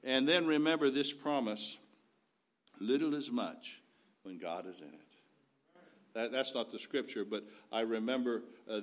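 A man preaching a sermon in an earnest, folksy way, weaving in scripture. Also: mid-range voice.

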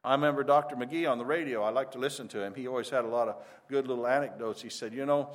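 An older male pastor delivers a sermon in a middle-pitched voice. He speaks earnestly and conversationally, stumbling and restarting phrases as he goes. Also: steady tone, rapid-fire.

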